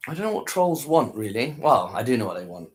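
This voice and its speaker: A man's voice: mid-range voice, very animated, fast talker, a little hiss or hum. A tired man chatting casually to his viewers after a live stream, rambling, repeating himself and trailing off. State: tired, worn out.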